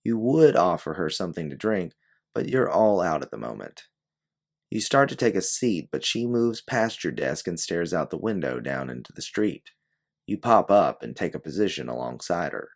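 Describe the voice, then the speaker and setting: Deep gravelly male storyteller. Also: sing-song, normal speed. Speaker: audiobook narrator. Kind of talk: scripted second-person narration.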